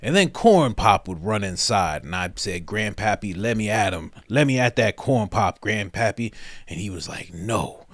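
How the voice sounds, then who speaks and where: A rambling old politician voiced by a man doing an impression mumbles low and quiet as he drifts through a story. The sound is dry and close. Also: animated, normal speed, no echo. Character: parody of an older male politician, rambling.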